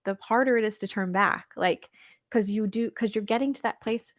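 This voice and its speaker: A woman coach chatting through a livestream Q&A, reading viewer comments and answering in an animated, laughing way with lots of fillers. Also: medium pitch, moderate pace, no room sound, studio quality. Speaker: weight-loss coach.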